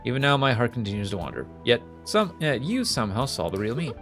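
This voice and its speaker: Earnest young woman fortune teller from a game, read by a man, lively pitch, faint game music underneath. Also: quick pace. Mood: reflective. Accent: Southern US, put on. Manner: earnest, pleading, slips briefly into a folksy drawl. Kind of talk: reading video game dialogue aloud.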